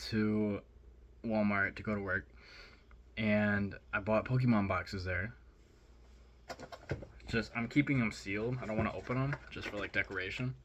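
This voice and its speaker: Bright-voiced excitable young man. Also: on the low side, dull audio, slight background noise. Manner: rambling, excitable, heavy use of filler "like". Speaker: vlogger. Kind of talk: casual storytelling vlog.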